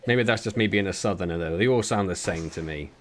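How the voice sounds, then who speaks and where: A man's voice: deep voice, quick pace, a little hiss or hum. A man with a West Country accent, chatting and joking casually while streaming a game. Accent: West Country English. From West Country, England. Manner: chatty, joking, laughs often. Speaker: gaming streamer.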